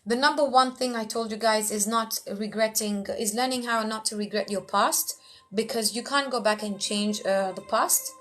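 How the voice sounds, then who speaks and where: Brief: higher-pitched woman emcee, blunt and lively motivational talk, soft music under. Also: normal speed. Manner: animated, acts out quoted voices; frank, blunt, lightly profane. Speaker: emcee giving life tips.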